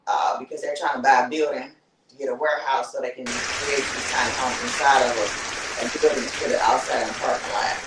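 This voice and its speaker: A woman's voice: very deep voice, slight background noise. Brief: female guest, easygoing and rambly, heard from a distance in an echoey room. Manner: relaxed, rambling, many fillers. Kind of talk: casual chat. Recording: roomy, off-mic distance.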